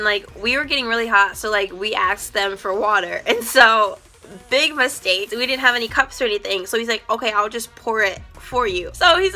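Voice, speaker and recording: A young woman with a bright, forceful, slightly high voice tells a storytime vlog. She talks in a chatty, excited way, full of fillers. Soft music plays faintly behind her. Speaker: vlogger. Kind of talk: casual storytime.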